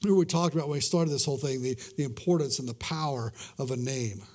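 A middle-aged man preaching a sermon as a pastor, repeating himself, dropping to a hush and slowing on key words. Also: medium pitch. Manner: swings from loud emphasis to hushed, drawn-out words; repeats words and restarts mid-sentence.

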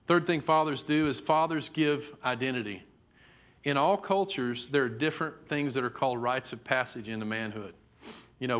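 A man's voice: mid-range voice, fairly bright tone. A middle-aged man, a preacher telling a story in a sermon, acting out the voices vividly. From Texas. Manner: vivid, dramatic storytelling with acted-out quotes.

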